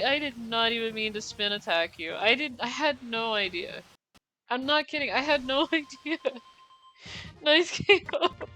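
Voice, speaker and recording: A woman's voice: on the high side, bright, forceful tone, rough recording. A young woman chatting casually while streaming a racing game, rambling with lots of fillers, apologizing and laughing often. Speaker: gaming streamer. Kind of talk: casual live-stream chat while playing. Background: game music.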